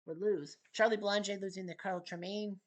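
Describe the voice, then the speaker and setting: A man's voice: high-pitched, steady tone, a little fast. Casual male boxing recap host. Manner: offhand, chatty asides between results.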